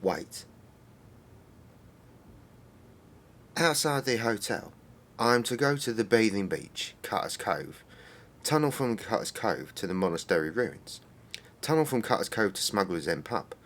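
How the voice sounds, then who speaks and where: A man putting on a slow, formal impression of an older male London film actor. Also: on the low side, sing-song, fairly bright tone. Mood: measured.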